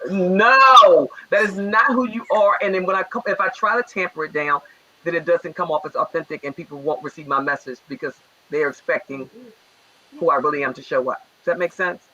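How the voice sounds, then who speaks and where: A man's voice: a little high, fast talker, no room sound. A man with a Baltimore accent, chatting animatedly as a talk show guest. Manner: animated storyteller. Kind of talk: casual talk show chat. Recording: dull, lo-fi sound.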